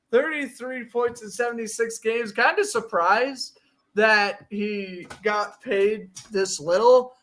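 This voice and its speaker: A young man with a high-pitched voice co-hosts a casual hockey talk show. He is opinionated and jokey as he runs through player signings. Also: fairly bright tone. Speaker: podcast co-host. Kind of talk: casual sports chat.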